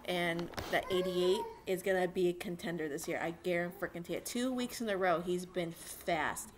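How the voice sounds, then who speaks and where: A young woman vlogging at home, rambling excitedly with lots of fillers as she talks about racing. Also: fairly low pitch, normal speed, background noise. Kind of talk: casual chat to camera. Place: at home with a dog.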